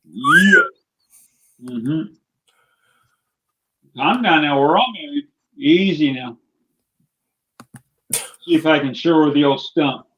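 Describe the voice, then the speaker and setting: A man's voice: on the high side, huge pitch swings, slow, pauses often, fairly bright tone, low-quality recording. A man joking around good-naturedly on a casual live stream.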